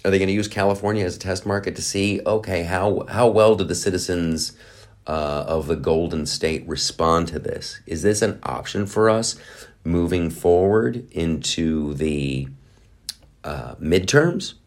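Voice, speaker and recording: A low-pitched man hosting his podcast, talking in a loose, sarcastic commentary style. He riffs quickly and slips into mocking voices. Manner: sarcastic, rapid riffing with mock voices. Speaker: podcast host. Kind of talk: casual political commentary.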